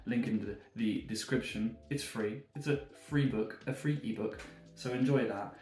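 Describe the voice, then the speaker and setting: A man's voice: medium pitch, normal speed. British man, language coach, laid-back and encouraging, roomy echo, faint music underneath. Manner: relaxed, encouraging, chuckles often. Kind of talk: motivational talk to camera. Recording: echoey room with faint music.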